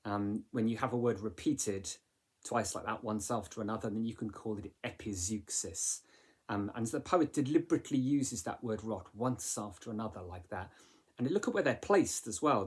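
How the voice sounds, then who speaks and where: A man's voice: fairly low pitch, darkish tone, slightly rough. A man teaching a literature lesson in a chatty way, with many fillers and rhetorical questions. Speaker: English teacher.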